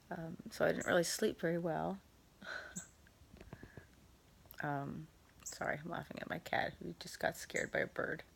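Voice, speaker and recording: A woman speaks into her phone from bed at home, worn out and in pain after surgery. Her voice sits low with a gravelly fry, and she talks softly, halting over ums and small laughs. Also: slight background noise. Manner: soft-spoken, halting with many ums, laughs at herself. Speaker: vlogger. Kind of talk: casual recovery vlog.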